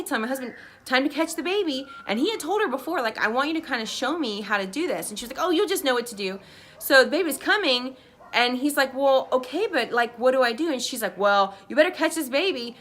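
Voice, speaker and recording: A young woman casually telling a personal story, chatty and lively, often acting out what others said. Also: mid-range voice. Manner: chatty, animated quoting of others, frequent "like". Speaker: vlogger.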